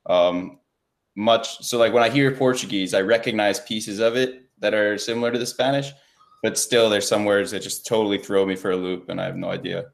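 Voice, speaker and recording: Podcast host guy, lowish voice, chill and friendly, says like a lot. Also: fairly even intonation, fairly quick, gravelly. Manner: friendly, casual, frequent "like". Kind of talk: casual interview conversation.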